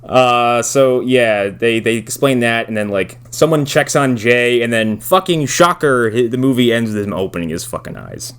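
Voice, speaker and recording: A man co-hosting a casual movie podcast, adding wry, deadpan remarks. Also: mid-range voice, moderate pace, hardly any pauses, smooth. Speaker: podcast co-host. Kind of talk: casual movie review chat.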